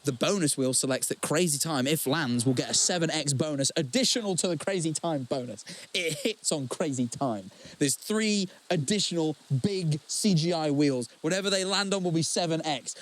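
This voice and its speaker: A man's voice: a little high, normal speed. A young man co-hosting a podcast, telling stories in casual chat with lots of swearing and repeated words. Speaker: podcast co-host.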